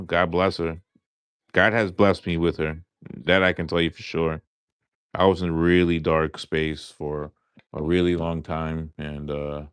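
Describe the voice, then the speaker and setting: Deep-voiced New York man chatting. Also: a bit bright, clean tone, no room sound, studio quality. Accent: light New York. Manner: rambling, repeats words, many fillers. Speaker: streamer. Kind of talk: casual live-stream chat.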